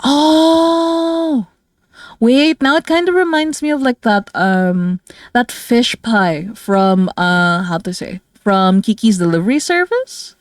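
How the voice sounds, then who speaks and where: Slow, tired woman streamer. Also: medium pitch, sing-song, smooth, dry recording, clean studio sound. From Philippines. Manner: rambling and chatty, many fillers, frequent soft laughs. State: tired and low on energy. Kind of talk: casual livestream chat with viewers.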